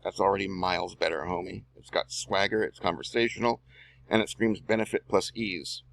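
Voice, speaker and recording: This man, an online marketer who hosts videos, reads tutorial copy aloud as he edits a screen recording, talking to himself with drawling slang. His low voice is creaky and fairly bright, briskly paced with fairly even intonation.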